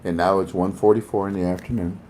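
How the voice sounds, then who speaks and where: A man hosting a casual monologue in an animated manner, laughing often and acting out voices. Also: low voice, fast talker, a little hiss or hum. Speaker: host.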